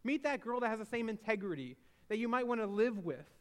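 Man preacher, light high voice, loose conversational storytelling. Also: fast talker. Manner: casual, animated retelling with restarts. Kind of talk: sermon storytelling.

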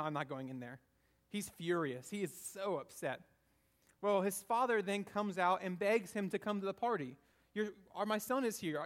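Male preacher, high voice, conversational sermon, tags lines with "right?".

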